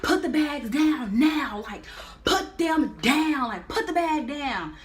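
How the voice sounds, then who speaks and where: A woman's voice: high-pitched, animated, slow, a little hiss or hum, voice pushed up. A woman doing an angry male security guard. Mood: stern. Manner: barking orders.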